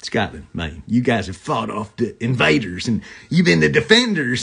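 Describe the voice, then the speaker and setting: A man's voice: medium pitch, sing-song, moderate pace, gravelly, a bit bright, husky. A man hosting a comedy live stream into a phone camera, rambling from joke to joke and greeting viewers as they join.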